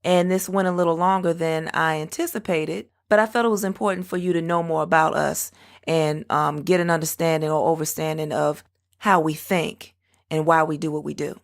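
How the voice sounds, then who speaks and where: Female podcast host, slightly low pitch, steady explanatory delivery. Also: creaky. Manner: steady, explanatory, spells out web addresses slowly. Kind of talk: solo business podcast talk.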